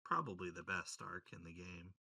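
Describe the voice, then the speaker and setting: Gravelly, husky man chatting while gaming. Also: sits low, animated, normal speed, sharp tone, dry recording. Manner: joking, teasing, knowledgeable. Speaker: co-host and gamer. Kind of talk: casual livestream gaming chat.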